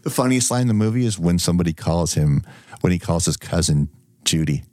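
A man co-hosting a casual movie review podcast, animated and profane, laughing often. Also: low voice, a little fast, dry recording, clean studio sound. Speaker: podcast co-host.

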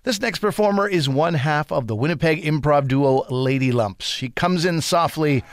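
A man's voice: on the high side, moderate pace, dry recording. Upbeat man hosting a comedy radio show. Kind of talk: scripted show announcements and introductions.

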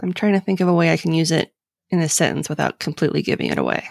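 A woman's voice: low-pitched, huge pitch swings, very fast, vocal fry, a little mellow, no echo, clean studio sound. A woman hosting a podcast, running a casual quiz segment in a playful, teasing way. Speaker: podcast host.

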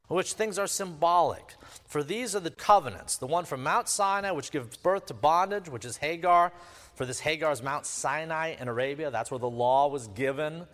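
A man's voice: fairly high pitch, in a large hall. A man preaching a sermon as pastor, emphatic, with sweeping rises and drops in his delivery.

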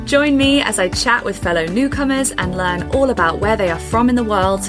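A woman hosts a podcast with an upbeat, friendly delivery and a voice of middling pitch. She moves from a scripted intro into easy interview chat. Faint music plays softly behind her. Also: brisk. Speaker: podcast host.

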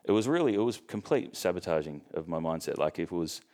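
A young Australian man chatting casually as a podcast guest, joking and relaxed, with lots of ums. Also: low voice, fast talker. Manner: joking, relaxed storytelling with fillers. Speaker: guest, professional bodybuilder.

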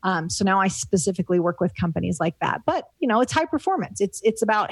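A woman's voice: mid-range voice, lively intonation, fairly quick, few pauses, no echo. A middle-aged woman from the United States, a business coach being interviewed, talking candidly and reflectively with many fillers and restarts. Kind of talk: casual interview conversation.

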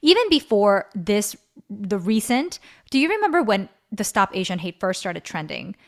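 Middle-aged woman co-host, earnest and animated, casual chat; pitch rises and falls freely when she's worked up. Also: moderate pace. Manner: earnest, pleading, animated storytelling. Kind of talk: casual conversation.

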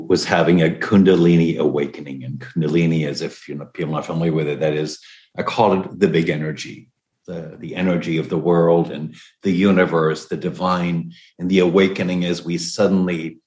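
A man's voice: sits low, darkish tone, echoey room. A man hosting an interview, asking curious, searching questions and sharing his own memories. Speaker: host. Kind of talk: interview conversation.

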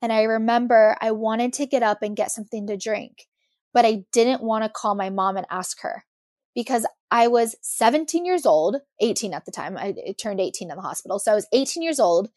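A woman's voice: a little high, a little fast, darkish tone, dry recording, studio quality. A young woman guest on a podcast, candidly and animatedly telling a personal story with many fillers.

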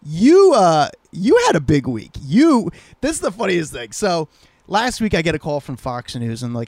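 A man co-hosting a podcast, telling stories in an animated, teasing way. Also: a little high, moderate pace, dry recording. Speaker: podcast co-host. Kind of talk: casual chat.

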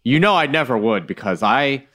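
A man co-hosting a podcast, chatting casually with animated swings from mumbled asides to loud outbursts. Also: mid-range voice, normal speed. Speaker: podcast co-host. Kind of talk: casual chat.

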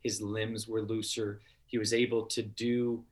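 A man as a podcast guest, telling a heartfelt story in an earnest way, with halting restarts. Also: lowish voice, flat delivery. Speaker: podcast guest, TV show star. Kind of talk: casual interview storytelling.

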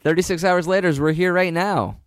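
A man's voice: sits high, fairly even intonation, fairly quick, smooth, no echo, clean studio sound. A man co-hosting a podcast in casual chat, adding wry details and teasing his co-host. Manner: wry, fills in details and teases.

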